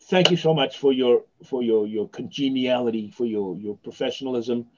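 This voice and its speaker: A man's voice: medium pitch, moderate pace, dull audio, crowd noise. A man, a magician guest, telling long rambling anecdotes with many restarts in casual podcast chat. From South Africa.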